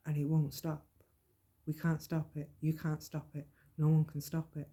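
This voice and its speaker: A woman talks through her own experience in an earnest, plain-spoken monologue. Her voice is very dark and mellow, with a steady gravelly fry under it. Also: low-pitched, moderate pace. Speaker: podcast host. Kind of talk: personal monologue on mental health.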